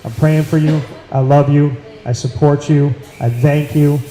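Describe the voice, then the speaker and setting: With faint music behind him and an echoey room around him, a man hosts a casual talk show. His voice is on the high side, mellow and steady, his pace a little slow. He has a Central New York accent, speaks earnestly and emphatically, and repeats phrases for weight.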